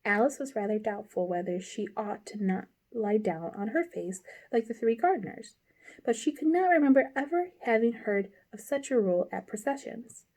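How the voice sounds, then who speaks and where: A woman from a library reading a classic children's novel aloud in an expressive, gently paced way. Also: on the high side, moderate pace. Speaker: library storyteller.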